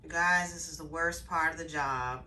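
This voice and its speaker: A middle-aged woman vlogging casually, playful and animated, chatting to her pet and her viewers. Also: sits low, moderate pace. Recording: faint background noise.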